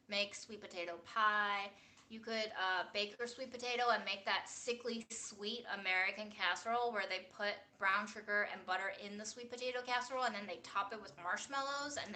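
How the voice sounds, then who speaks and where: A woman's voice: medium pitch, pushed and bright. A woman hosting a casual cooking livestream from a small home kitchen, blunt and playful as she talks.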